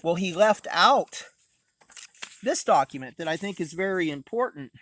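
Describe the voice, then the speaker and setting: A man's voice: high-pitched, lively intonation, normal speed, bright, forceful tone. A man rambling in a casual vlog monologue, aggrieved and full of filler words, filmed outdoors on a phone. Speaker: vlogger. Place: outdoors by a camper at home.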